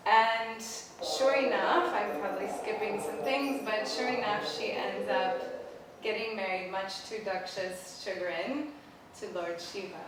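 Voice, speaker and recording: A woman spiritual teacher giving a casual, animated storytelling lecture outdoors beside a temple. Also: mid-range voice, unhurried, background noise. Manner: casual, animated, many "like" fillers. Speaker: spiritual teacher, pilgrimage leader. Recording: echoey space, voice from a distance.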